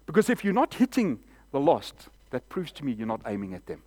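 A man's voice: mid-range voice, huge pitch swings, fairly quick, hardly any pauses, a little mellow. Impassioned male pastor preaching. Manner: impassioned, emphatic preaching with repetitions. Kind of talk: sermon.

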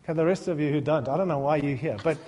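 A man's voice: on the high side, rapid-fire, dark tone, big-room sound. A middle-aged male pastor preaching a sermon, mixing humorous, self-deprecating stories with fervent appeals to the congregation.

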